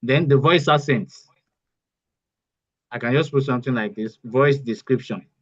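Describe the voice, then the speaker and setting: A man's voice: medium pitch, unhurried, a bit bright, dull audio. A man teaching an online workshop step by step, repeating key phrases as he goes. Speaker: AI bootcamp instructor. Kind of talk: live online tutorial.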